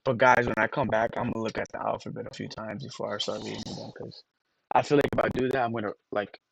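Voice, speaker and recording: A man's voice: fairly low pitch, little pitch movement, fast, gravelly, husky, no room sound, low-quality recording. A man on a casual livestream, rambling to his chat and sounding out words letter by letter with emphatic disbelief.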